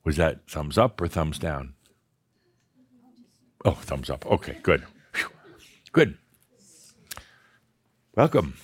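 A man's voice: extremely low pitch, big pitch swings, slow pace, long pauses, husky. A man leading a live spiritual workshop with an audience, coaching a participant in a blunt, profane and often laughing way. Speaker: spiritual teacher leading a session.

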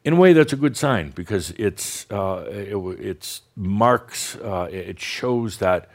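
A man giving a channeled spiritual talk to an audience, blunt and teasing, slowing down to guide deep breaths. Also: expressive. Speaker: spiritual teacher channeling a master.

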